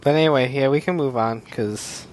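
A man's voice: mid-range voice, moderate pace, darkish tone. Sarcastic man with faint hiss. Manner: sarcastic, laughs often. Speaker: podcast co-host. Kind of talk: casual chat about cartoons.

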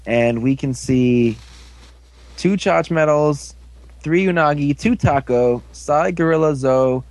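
A man's voice: fairly high pitch, takes it slowly, darkish tone, no room sound. A man casually recapping an episode as a podcast co-host, rambling with lots of fillers. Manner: rambling, filler-heavy storytelling.

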